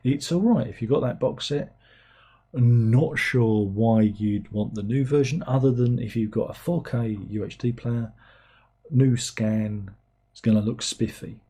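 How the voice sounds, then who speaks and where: A man's voice: medium pitch, a little slow, warm tone, husky. A middle-aged man, hosting a livestream in casual chat. He rambles and mocks himself as he reads out viewers' comments. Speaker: livestream host.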